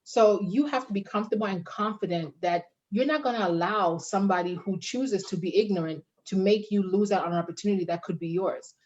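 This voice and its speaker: A woman career advisor on a panel discussion, talking in an animated way and acting out bits of dialogue. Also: mid-range voice, a little fast, few pauses, lo-fi sound. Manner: animated, acts out quoted dialogue.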